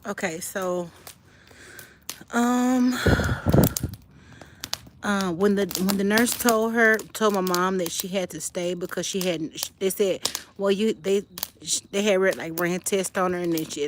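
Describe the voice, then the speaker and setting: On a cold night, a woman livestreams outdoors beside a fire, speaking directly to her viewers as she shares a personal story. Her voice sits on the low side, picked up by a phone with plenty of background noise.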